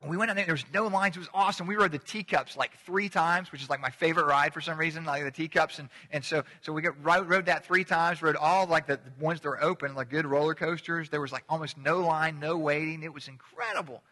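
Chatty pastor in a ringing church hall. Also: male voice, on the high side, fast, few pauses, pushed and bright. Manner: chatty, joking, gets the congregation to repeat words. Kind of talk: casual sermon.

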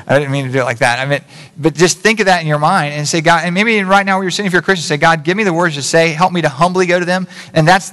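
A pastor delivers a conversational sermon in a fairly high, slightly bright male voice, peppering it with rhetorical questions and correcting himself as he goes. He speaks from a church sanctuary, and the recording carries the long reverb of a church hall.

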